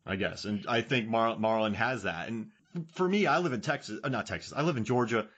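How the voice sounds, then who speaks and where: A man from Florida co-hosting a podcast, talking through a film in a rambling, self-correcting, animated way. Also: on the low side, a little fast, slightly rough, muffled recording. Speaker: podcast co-host. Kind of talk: casual film discussion.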